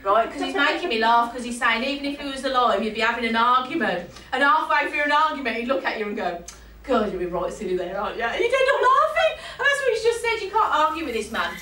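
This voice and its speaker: Quick and sing-song, this high-pitched woman barely pauses, her tone bright and forceful as she delivers a medium's reading before a live crowd. She's chatty, laughs a lot, and keeps checking in with the person she's reading for, all captured distantly in an echoing hall.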